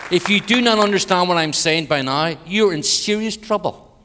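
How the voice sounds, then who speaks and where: Irish man, visiting preacher, joking sermon and hushed prayer, long church reverb. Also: high-pitched, moderate pace, a faint crowd, a little hiss or hum. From Ireland. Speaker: guest preacher. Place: large church.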